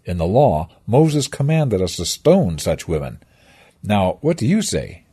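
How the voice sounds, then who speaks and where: A man's voice: on the low side, sing-song, unhurried, mellow, husky, heavily acted. A man reading the part of a group of men who harshly accuse a woman. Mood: accusing.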